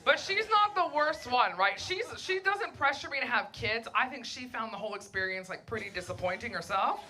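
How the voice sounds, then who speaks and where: A young woman performing a crude, brash stand-up set on a comedy club stage, with deadpan delivery, mocking voices and audience laughter behind her. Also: fairly high pitch, a little fast.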